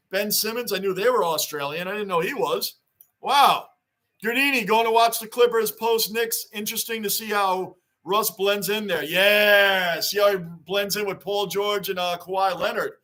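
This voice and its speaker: A man's voice: high voice, sharp tone. A man hosting a casual sports livestream, chatting loosely, greeting viewers by name and repeating his points. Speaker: livestream host reading fan chat.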